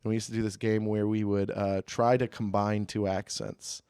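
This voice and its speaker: A man's voice: lowish voice, flat delivery, normal speed, mellow, clean tone, dry recording. A young man co-hosting a comedy podcast, rambling and joking, swearing freely into a studio mic. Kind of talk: casual chat. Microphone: studio mic with headphones.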